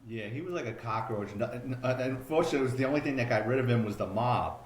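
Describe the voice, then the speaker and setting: Brief: quick-talking middle-aged New host, recorded in a roomy space. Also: male voice, mid-range voice. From Bronx, New York. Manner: quick, chatty, prompting questions. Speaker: podcast host. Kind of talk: casual interview chat. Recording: echoey room with faint noise.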